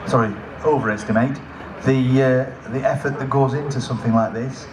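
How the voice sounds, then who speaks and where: A man in a mid-range voice gives relaxed, joking announcements over a public address system. The sound echoes across the outdoor site, with steady noise and traffic behind him. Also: mid-range voice, quick pace, few pauses. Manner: chatty, self-mocking jokes between notices. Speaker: event announcer. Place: outdoors at a lakeside festival.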